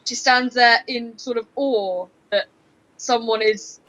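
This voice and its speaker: A woman's voice: fairly high pitch, steady tone, takes it slowly, a bit bright, no room sound, low-quality recording. A woman playing a tabletop game, thinking aloud casually. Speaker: player.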